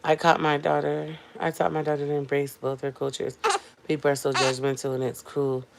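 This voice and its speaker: A woman's voice: deep voice, monotone, fairly quick, gravelly, heavy background noise. A young woman vlogger and mother chatting emphatically to her viewers, speaking to them directly in a casual way. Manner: coos softly in baby talk to her infant. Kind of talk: casual talk to camera.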